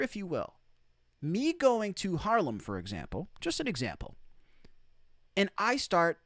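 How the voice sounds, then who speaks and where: A man delivers an opinion commentary monologue, emphatic and incredulous, hammering points by repeating them. His pitch rises and falls with lively swings. The sound is close and dry. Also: no room sound. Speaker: commentary host.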